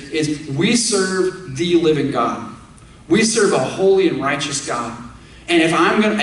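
Male preacher, higher register, emphatic and questioning, recorded from a distance in a reverberant church. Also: fairly bright tone. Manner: emphatic, asks the congregation direct questions. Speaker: pastor. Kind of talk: sermon. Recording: echoey room, speaker away from the mic.

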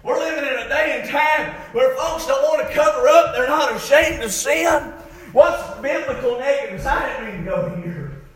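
A man preaching a sermon, shouting with fervor and then dropping to a low, soft voice. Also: moderate pace, very echoey. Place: church sanctuary.

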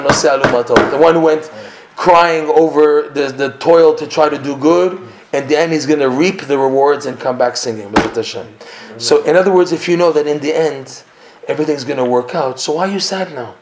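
A man gives a lesson as a rabbi before a class, his voice slightly high and full of storytelling energy. The recording is roomy and echoey, with a faint hiss underneath. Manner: animated, storytelling, laughs and asides to listeners. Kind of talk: live Torah lesson.

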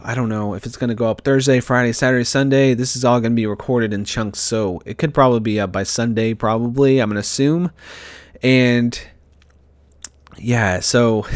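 A man's voice: medium pitch, dry recording. A young man in casual storytelling, upset and stressed, rambling with frequent restarts and fillers. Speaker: vlogger.

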